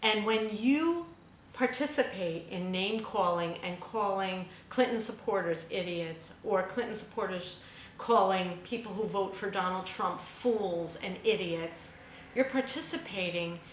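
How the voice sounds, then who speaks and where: A woman's voice: medium pitch, a little slow, reverberant, slight background noise, poor audio. A woman hosting a spiritual radio show, speaking in an emphatic, impassioned monologue that rises to fervent peaks. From United States.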